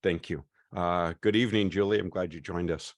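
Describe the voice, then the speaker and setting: Male host, deep voice, easygoing and welcoming, online class on a video call. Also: fairly even intonation, dry recording, clean studio sound. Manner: chatty, welcoming, often pauses with "uh".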